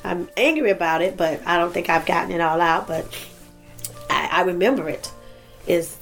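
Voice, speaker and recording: A middle-aged woman recalling grief in an interview, halting and repeating words. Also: lowish voice, gravelly, fairly bright tone, faint music behind. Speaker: interviewee, victim's mother. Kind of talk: recounting interview.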